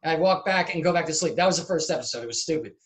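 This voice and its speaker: A middle-aged man being interviewed over a video call, telling stories in an animated way, acting out scenes and laughing at his own anecdotes. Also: a little high, racing. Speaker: guest, comedy video maker. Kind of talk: casual interview.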